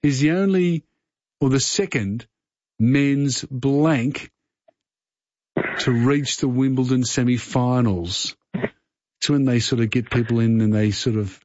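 A man with a darkish, mid-range voice speaks slowly with long pauses while hosting a talkback radio phone-in quiz in an Australian accent. His casual chat is friendly and rambling, full of fillers and restarts. The slightly muffled broadcast has no room sound.

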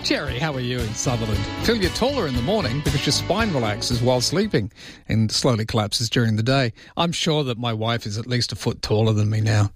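An Australian man hosts late-night talkback radio into a studio microphone, chatty and rambling with mock-indignant outbursts. His medium-pitched voice is animated, slightly rough, and a little fast, with faint music playing behind him.

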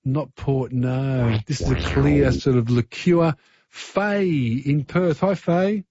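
A man's voice: medium pitch, takes it slowly, mellow, husky, no echo, highs cut off. A man with an Australian accent hosting a talkback radio quiz, chatty and easygoing. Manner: chatty, easygoing, filler-heavy.

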